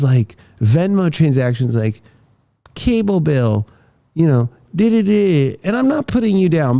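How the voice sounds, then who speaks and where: Male podcast host: slightly high, soft-toned voice, profane and rambling. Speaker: tarot reader and podcast host. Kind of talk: casual podcast conversation.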